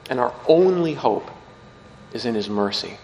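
A man's voice: lively intonation, moderate pace, creaky, darkish tone, big-room sound, highs cut off, slight background noise. A man, a priest, reads the gospel and gives a short homily, raising his voice to act out the people he quotes. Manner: acts out quoted voices with rising pitch and force.

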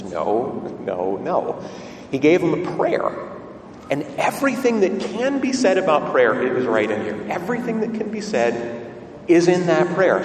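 A male pastor preaches with lively, swinging pitch and a conversational, questioning manner. His voice sits a little high for a man and carries a long hall reverb, picked up from a distance with a faint ambient hum beneath. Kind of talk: sermon. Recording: roomy hall sound from a distant mic.

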